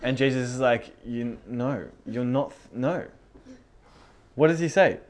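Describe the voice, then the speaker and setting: A man leading a casual Bible study, reading verses aloud and commenting with animated enthusiasm and frequent laughter. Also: mid-range voice, measured pace, very noisy. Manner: animated, laughs often, reads scripture then comments.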